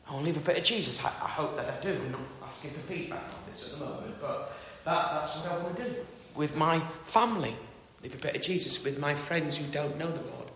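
In an echoey hall with long reverb and slight background noise, a middle-aged man from northern England preaches with a northern English accent. His fairly high voice is animated, brisk, bright and forceful, and his chatty, self-deprecating sermon is full of questions for the congregation.

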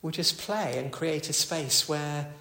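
A preacher whose voice sits a little high for a man gives a sermon in a conversational way, with the odd filler and restart. He speaks unhurriedly in a pushed, bright voice, and the church makes everything roomy and echoey, with slight background noise.

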